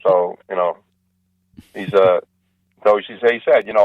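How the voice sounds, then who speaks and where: A male comedian on a radio interview, telling long jokes and acting out the characters with lively changes of voice. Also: normal speed, pauses often, dry recording. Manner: animated joke-telling, acts out characters with rising pitch. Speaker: comedian guest. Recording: dull lo-fi radio sound, dry.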